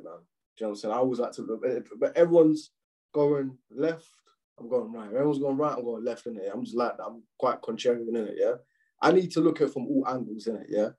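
A young man chats on a podcast, his voice dark and a little husky. He talks in loose slang, swears freely and gets animated when he rants. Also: medium pitch, low-quality recording. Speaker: podcast co-host. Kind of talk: casual chat.

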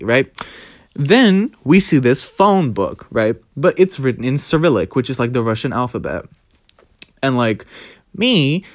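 A young man telling a story in a casual vlog, animated and dramatic, with plenty of swearing. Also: a little high, no room sound, clean studio sound. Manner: animated, dramatic, profane, gossipy. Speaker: vlogger.

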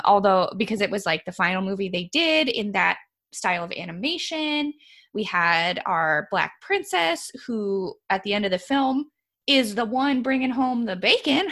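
A woman co-hosting a casual chat, opinionated and animated, often laughing as she talks. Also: medium pitch. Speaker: podcast co-host.

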